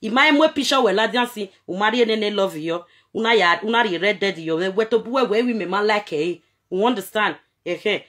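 A woman's voice: medium pitch, animated, fairly quick, a bit bright. A Nigerian woman vlogging straight to camera in a repetitive, scolding rant, switching between Pidgin and local-language phrases.

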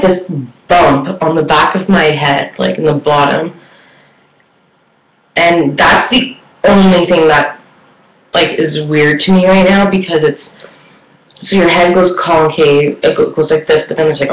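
A woman chatting casually in a beauty vlog, rambling with lots of fillers. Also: deep voice. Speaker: beauty vlogger. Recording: echoey room.

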